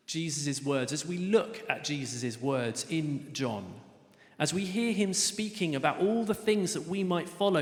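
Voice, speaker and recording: A middle-aged man delivers an earnest evangelistic talk in a chatty, storytelling way. His voice sits fairly high for a man. The sound is roomy, with a long hall reverb around it. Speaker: speaker. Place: lecture hall.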